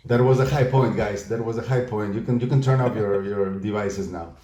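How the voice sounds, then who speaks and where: Guy hosting a comedy podcast, mellow voice, kinda game show host vibe, echoey room. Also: fairly low pitch, fairly quick. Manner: upbeat, game-show-style delivery. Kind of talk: casual comedy podcast chat.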